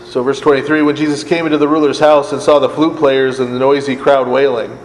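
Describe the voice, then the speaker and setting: Priest teaching in an echoey hall. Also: male voice, mid-range voice, fairly even intonation, moderate pace. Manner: conversational, keeps asking "right?", laughs often; sarcastic asides. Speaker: priest teaching Bible study. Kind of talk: Bible study lecture. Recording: echoey room, long reverb, faint air conditioning hum.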